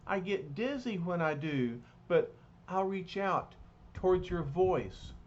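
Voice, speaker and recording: A man's voice: high voice, animated, slow pace, pitched above the performer's own voice. A man voicing a frightened young boy who speaks in a timid, hesitant way, on a slightly dull, lightly noisy recording. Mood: scared.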